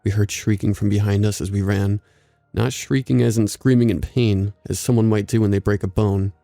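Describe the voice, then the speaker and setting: A man narrating a scripted horror story in a steady, measured way. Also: lowish voice, creaky, no room sound, faint music behind.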